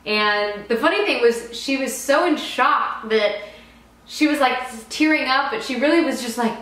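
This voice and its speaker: A young woman vlogger telling a personal story in a chatty, excited way with frequent laughs, recorded in a very echoey room. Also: high-pitched, moderate pace. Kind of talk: casual storytime.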